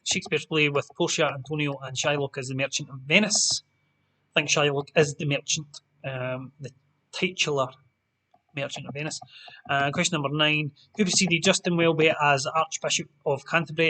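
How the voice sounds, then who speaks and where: A man's voice: mid-range voice, sharp tone. A Scottish man hosting an online pub quiz, reading out answers with chatty, jokey asides to the players. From Scotland.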